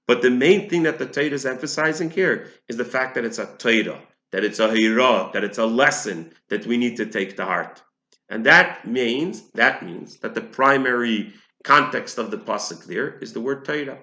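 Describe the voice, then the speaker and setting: A man's voice: medium pitch, normal speed, bright, forceful tone, echoey room. A man giving a lesson on a religious text, explaining it step by step, often restarting and restating his points. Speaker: Torah teacher.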